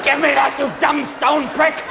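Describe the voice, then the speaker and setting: A man's voice: extremely high pitch, flat delivery, a little slow, background noise, voice pushed up. A man voicing a furious woman in labor who screams and curses. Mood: enraged. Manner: screaming, cursing. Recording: echoey hall with crowd laughter.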